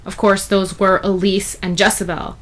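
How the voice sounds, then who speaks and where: A woman's voice: mid-range voice, little pitch movement, normal speed, fairly bright tone. A woman giving a casual, rambling spoken review of a story chapter, full of fillers and asides. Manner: chatty, rambling, many fillers like "you know". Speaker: fan fiction reviewer.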